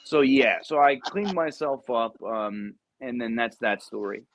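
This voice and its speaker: A man's voice: medium pitch, a little slow, no echo. A man who is a Marine veteran and podcast guest, telling casual, profane stories with many ums. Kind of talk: casual storytelling. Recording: dull, dry lo-fi recording.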